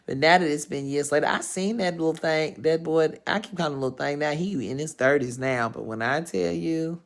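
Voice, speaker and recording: A woman's voice: low-pitched, a little fast. Woman, thirties, vlog host; casual, profane, unfiltered storyteller. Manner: frank and profane, rambling with lively swings in emphasis. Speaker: vlogger hosting her own live show.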